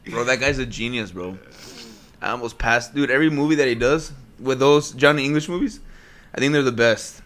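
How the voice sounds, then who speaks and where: With slight noise in the background, a podcast host in his late twenties rambles and laughs through a casual chat at home on a desk USB mic. He talks a little fast in a mid-range voice with a fairly bright tone.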